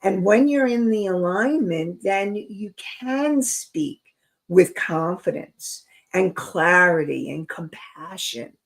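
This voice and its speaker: A woman's voice: fairly low pitch, animated, takes it slowly, vocal fry. A woman hosting a self-help talk show, speaking earnestly and reflectively, addressing her listeners directly. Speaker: host. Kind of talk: inspirational talk show monologue.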